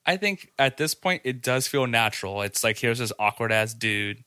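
Bright-voiced man agreeing in movie chat. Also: mid-range voice, animated, moderate pace, clean tone, dry recording, clean studio sound. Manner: short agreeing replies and brief opinions. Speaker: podcast co-host. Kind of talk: casual movie discussion.

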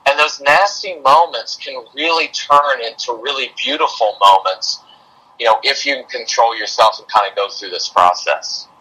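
A husky, medium-pitched man speaking at normal speed, a middle-aged parenting coach, relates a personal story in a podcast interview over poor audio. Animated throughout, he acts out quotes from himself and his son.

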